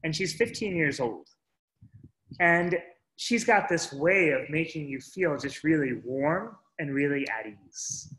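A man's voice: on the high side, expressive, a little slow, fairly bright tone, a little hiss or hum. A man earnestly telling a first-person story to an audience, stringing his sentences together with "and so". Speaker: speaker sharing a story. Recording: echoey room.

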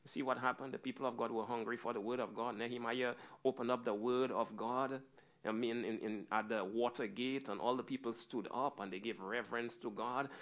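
Male pastor, mid-pitched, sermon delivery with big swings from hushed to loud. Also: fairly even intonation, fairly quick. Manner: preaching that swings from low and quiet to loud and high.

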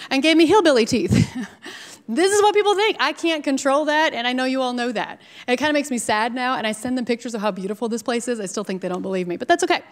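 Woman from minnesota, 40s, news anchor, storytelling talk, reverberant hall. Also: a little high. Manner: lively storytelling with laughs and asides. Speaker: TV news anchor speaking at a startup event. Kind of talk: personal story talk to an audience. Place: event venue.

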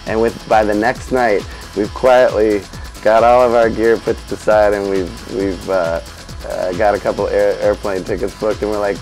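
A man being interviewed, telling animated, profane anecdotes about his band. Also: on the low side, normal speed, soft background music, poor audio. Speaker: musician interviewee. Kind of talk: storytelling interview.

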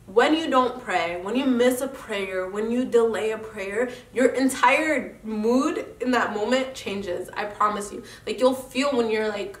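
A woman's voice: on the high side, measured pace, few pauses. A young woman with a congested nose, giving an earnest, encouraging faith talk straight to her viewers. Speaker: vlogger host. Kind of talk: casual motivational faith talk. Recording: echoey room, mic at a distance.

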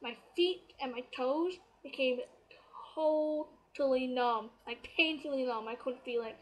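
A woman's voice: high-pitched, unhurried, poor audio. A young woman from Canada chatting animatedly through a personal story, full of fillers. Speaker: vlogger.

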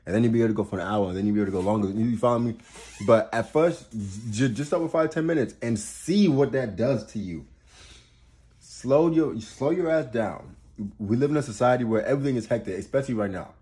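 A man's voice: medium pitch, fast talker, warm tone. A man giving astrology advice in a casual motivational monologue, emphatic, repeating and restarting words and swearing for emphasis. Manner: laughs while getting worked up.

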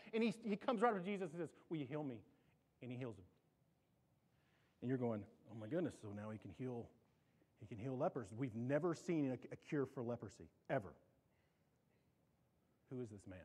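A man preaching a sermon in a church, animated, often repeating and restarting his words. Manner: animated, climbs in pitch and volume for emphasis. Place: church sanctuary.

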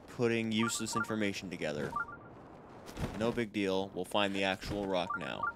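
A man hosting a video game let's play, rambling casually and joking at his own expense while talking to his viewers. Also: fairly low pitch. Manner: rambling, self-deprecating, talks to viewers. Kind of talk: casual gameplay commentary. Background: game music.

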